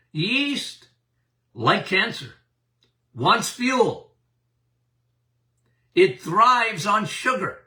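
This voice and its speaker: An older man talks health in a folksy, unhurried way, calling his listeners "folks" and "my friend." His voice is high and very bright, and it swings up and down a lot. He sounds a bit distant from the mic. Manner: folksy, addresses listeners directly. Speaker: doctor and podcast host. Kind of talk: casual health talk.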